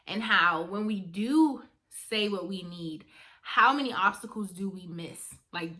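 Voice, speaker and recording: A woman's voice: mid-range voice, bright, forceful tone. A young woman vlogging at home on camera, talking in a chatty, earnest way and calling her viewers "y'all". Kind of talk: casual reflective vlog talk.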